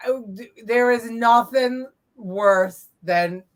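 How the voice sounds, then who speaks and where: A woman's voice: fairly high pitch, very slow. A woman co-hosting a show, chatting casually about viral videos, laughing often and trailing off with fillers. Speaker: co-host reacting to viral videos. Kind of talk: casual chat.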